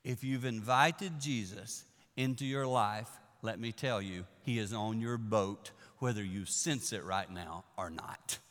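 A man preaching a sermon, telling the story in an animated way that swings from hushed to loud. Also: fairly low pitch, measured pace. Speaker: pastor. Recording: echoey hall.

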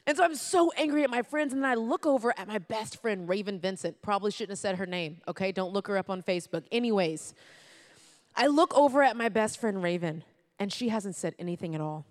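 Woman, animated storyteller who addresses the audience directly. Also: mid-range voice, fairly quick. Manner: lively, acts out quotes, addresses listeners directly.

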